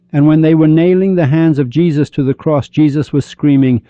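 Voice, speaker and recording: A man's voice: a little high, a little fast, few pauses, no room sound, highs cut off. A man hosting a podcast, delivering a preachy monologue full of rhetorical questions. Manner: preachy, rhetorical, mock-shouting quoted crowds. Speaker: podcast host.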